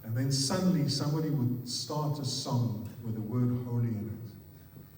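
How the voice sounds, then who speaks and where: A pastor with an Afrikaans accent preaching a sermon, putting weight on words and repeating them in threes, often putting questions to the congregation. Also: male voice, medium pitch, normal speed, darkish tone, slight background noise. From South Africa. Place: church hall. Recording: echoey hall, picked up from far off.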